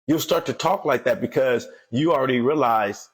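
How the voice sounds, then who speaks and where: Husky-voiced man preaching with fervor. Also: mid-range voice, moderate pace. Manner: emphatic, repeats phrases, builds to fervent exhortation. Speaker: motivational speaker, host of a daily show. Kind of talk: motivational sermon.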